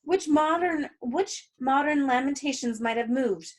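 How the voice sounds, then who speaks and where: Juliet, grieving young bride, read by a woman. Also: sits high. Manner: slow, deliberate, earnest line reading. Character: young female lover, grieving and distraught. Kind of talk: reading a play aloud.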